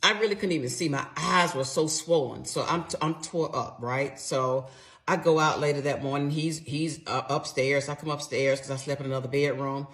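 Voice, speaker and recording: A middle-aged woman, telling a personal story to her viewers in a casual, animated and emphatic way. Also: low-pitched, moderate pace.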